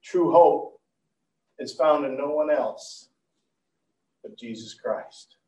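A man preaching a storytelling sermon, animated, swinging from loud to hushed. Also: a little high, takes it slowly. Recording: roomy, far from the mic.

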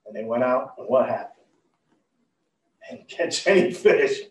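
Animated preacher man in a roomy hall. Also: medium pitch, a little slow. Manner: animated, swinging from loud to hushed. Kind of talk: storytelling sermon. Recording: roomy, far from the mic.

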